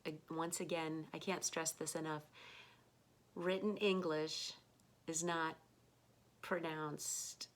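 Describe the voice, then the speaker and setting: An American woman giving an online pronunciation lesson, speaking slowly and patiently, repeating words for learners to copy. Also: sits low, a bit bright. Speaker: English pronunciation teacher.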